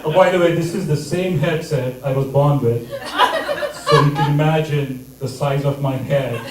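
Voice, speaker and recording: A man doing a stand-up comedy set with a deadpan, mock-serious delivery. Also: fairly high pitch, normal speed, heavy background noise. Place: comedy theater stage. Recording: echoey theater mic from a distance.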